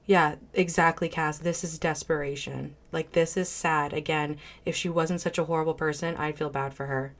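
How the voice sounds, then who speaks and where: A woman's voice: low voice, fairly even intonation, moderate pace, hardly any pauses. A woman hosting a reaction video, giving blunt, opinionated commentary and reading viewer messages aloud. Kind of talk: casual commentary reacting to a clip.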